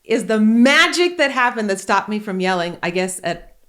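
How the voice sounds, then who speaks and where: This podcast host is a woman in her forties whose voice sits at medium pitch and moves at a moderate pace. Her talk is casual and animated, full of jokes and candid storytelling.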